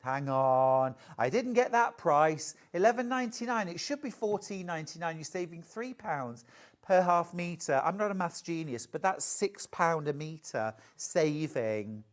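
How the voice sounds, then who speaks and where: A woman presenting a live sewing sales show, chatty and bubbly, reading out viewer messages between product pitches. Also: expressive, a little slow. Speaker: shopping channel presenter. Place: TV studio.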